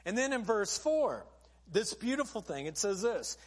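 Animated high-voiced male preacher. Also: moderate pace, husky. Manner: conversational preaching, addresses audience as folks. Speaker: pastor. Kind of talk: sermon.

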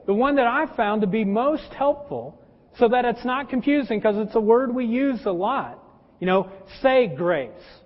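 A high-voiced, folksy male pastor preaches a conversational sermon with lively intonation at an unhurried pace, calling his listeners "folks" and sharing personal anecdotes and humor. The recording is dull and lo-fi, with a long hall reverb.

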